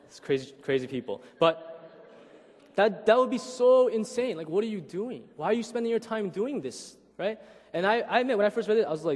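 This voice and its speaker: A man in his thirties preaching a conversational sermon, animated and often checking in with "right?". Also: high voice, moderate pace, long reverb tail. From Korean heritage. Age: 30s. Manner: animated, keeps asking "right?", acts out voices. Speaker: pastor.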